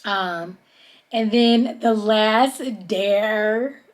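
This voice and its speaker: Woman, podcast host, casual gossipy recap, mid-range voice. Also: extremely slow. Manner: chatty, drawls "honey" and "child", mimics people in high voices.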